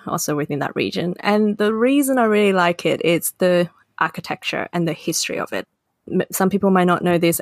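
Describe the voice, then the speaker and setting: A woman co-hosting a podcast in easy, casual conversation. Her voice sits on the low side, and she tells her stories in a chatty, explanatory way. The recording is dry and close. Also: no echo. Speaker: podcast co-host. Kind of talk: casual chat.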